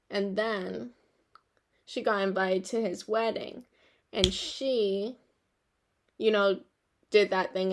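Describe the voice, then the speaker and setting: A young woman hosting a podcast, chatting casually in a rambling, reflective way and laughing at herself now and then. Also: mid-range voice. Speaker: podcast host.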